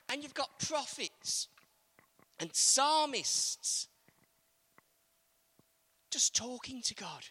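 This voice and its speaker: A man's voice: very high-pitched, big pitch swings, extremely slow, long pauses, sharp tone, slightly rough. A man preaching a sermon in a conversational way, asking the congregation questions. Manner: conversational, asks the congregation questions, acts out quotes.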